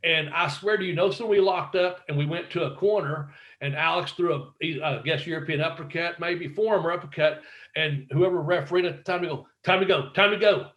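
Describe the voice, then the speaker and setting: Animated, profane storytelling man. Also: a little high, fairly quick, dull audio. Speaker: guest, former pro wrestler. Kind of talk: casual storytelling interview.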